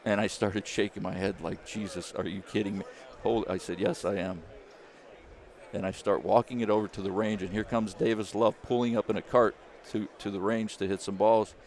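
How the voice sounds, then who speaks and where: This man once worked as a caddie and went on to found a business, and in an interview he tells a lively story, performing the voices of the people he quotes. He speaks at a normal pace in a fairly low register.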